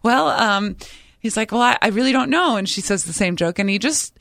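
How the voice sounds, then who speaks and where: A woman's voice: mid-range voice, fast, no room sound. Woman with a dry close-mic voice. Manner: lively storyteller, acts out callers' voices. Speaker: radio show co-host. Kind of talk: casual chat, telling an on-air story.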